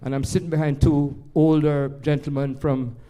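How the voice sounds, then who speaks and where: Older Jamaican man, warm mellow tone, loose rambling storyteller, speaking to a live audience. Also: a little high, moderate pace. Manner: rambling, animated anecdotes with many restarts. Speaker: jazz pianist and storyteller.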